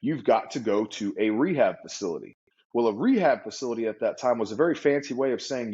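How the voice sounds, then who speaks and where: A man telling a story as an interview guest, animated and vivid, acting out the people he quotes. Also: mid-range voice, fast talker. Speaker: guest entrepreneur. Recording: slightly dull lo-fi audio.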